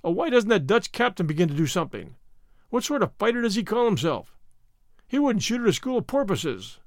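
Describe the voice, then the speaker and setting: Storybook figure: exasperated male war correspondent, excitable outbursts, animated pitch, read by a man. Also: fairly quick, no room sound, clean studio sound. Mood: frantic.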